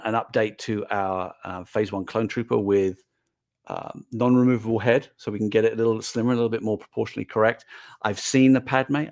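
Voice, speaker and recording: An older man with a lowish voice speaks casually and earnestly to viewers on a live stream in his role as a toy brand manager. His speech is full of fillers and restarts.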